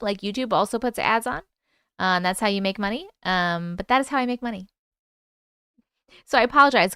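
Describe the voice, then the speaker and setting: A woman's voice: on the high side, a bit bright, smooth, no echo, clean studio sound. A woman hosting a casual livestream, chatting loosely, swearing freely and greeting and thanking viewers by name. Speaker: livestream host.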